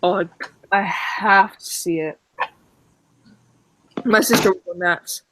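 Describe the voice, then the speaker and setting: A speaker in a casual stream chat, excitable and rambling. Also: mid-range voice, takes it slowly, noisy background. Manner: excitable, rambling, quotes a TV show at length.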